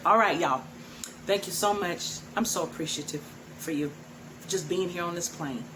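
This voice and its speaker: A woman's voice: on the low side, a little slow. A middle-aged woman who teaches tantra, talking frankly to her viewers and laughing often. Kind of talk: direct-to-camera talk. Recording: noisy background.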